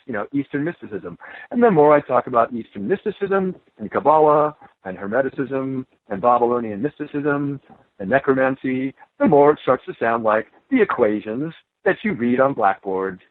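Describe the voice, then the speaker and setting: A man's voice: medium pitch, no echo. A man, an author speaking as an interview guest, rambling with frequent restarts and repeated words. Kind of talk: conversational interview monologue. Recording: tinny phone-line audio.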